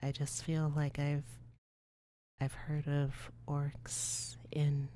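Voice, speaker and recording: Young female ASMR streamer: low, slow whisper, rambling and self-mocking, dry close mic. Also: monotone, warm tone, no room sound.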